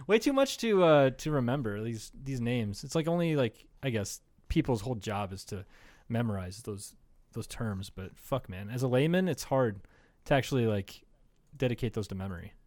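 A man's voice: medium pitch, lively intonation, normal speed, a little mellow, no room sound. Laid-back profane male podcast co-host. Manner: rambling, profane, laughs a lot, acts out quotes. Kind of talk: casual comedy podcast chat.

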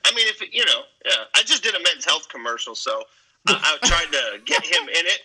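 A man chatting as a podcast guest, animated and often laughing, in crude, casual banter. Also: on the high side, fairly quick, husky, poor audio.

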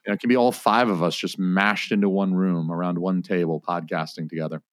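A podcast host who chats casually and trades crude jokes with his guests. His voice is fairly low. The sound is dry and close. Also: steady tone, a little fast, no echo. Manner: joking, crude banter.

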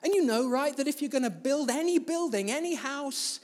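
A man's voice: very high-pitched, lively intonation, normal speed. Male pastor, sermon, storytelling, echoing church hall. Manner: storytelling with big swings between loud and soft.

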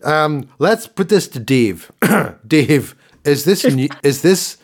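Man, sports podcast co-host, ranting, lively swinging pitch, casual chat. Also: slow pace, slightly rough. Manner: animated ranting, mock voices, laughs.

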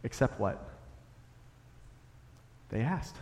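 A young adult man preaching a sermon in a church, animated, building to emphatic peaks as he explains a passage. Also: medium pitch, moderate pace. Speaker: pastor. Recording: long hall reverb.

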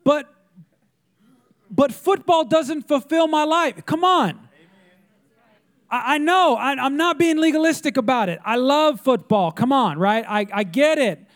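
A pastor preaching a sermon, emphatic and repetitive, calling out to the congregation. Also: male voice, very high-pitched, animated, a little slow.

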